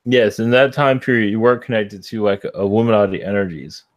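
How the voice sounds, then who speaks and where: A man giving a spiritual channeling reading to callers in a calm, measured way. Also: on the low side, no echo.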